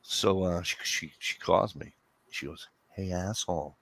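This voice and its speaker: A man casually telling a story among friends, profane and animated, acting out what everyone said. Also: low voice, measured pace, vocal fry, breathy edge, dry recording. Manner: profane, animated storyteller who acts out quotes. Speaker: host.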